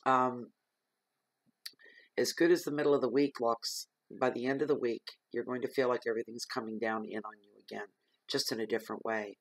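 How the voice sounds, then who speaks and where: A man gives a general tarot reading in an earnest, rambling way, stopping often on ums as he talks straight to his listeners. His voice sits at an ordinary middle pitch. The recording is dry and close, with no room sound. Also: fairly even intonation, fairly quick, no room sound, low-quality recording. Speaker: tarot reader.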